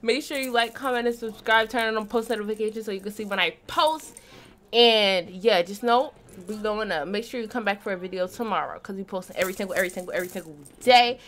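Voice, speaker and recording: A woman in her twenties hosting a casual reaction vlog from a room at home with a green screen, talking excitedly and repeating herself as she gushes. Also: medium pitch, fast. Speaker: reaction channel host.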